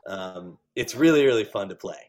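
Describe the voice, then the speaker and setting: A man, a stage actor, chatting as an interview guest, animated and full of fillers. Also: mid-range voice, normal speed. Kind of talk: casual interview chat.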